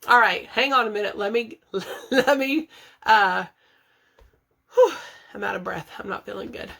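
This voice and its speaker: A woman's voice: medium pitch, moderate pace, creaky, pushed and bright. A woman vlogging to her viewers while organizing her bathroom, chatty and thinking aloud, laughing often. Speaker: budget and declutter vlogger. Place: home bathroom. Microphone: camera set up nearby, moved around.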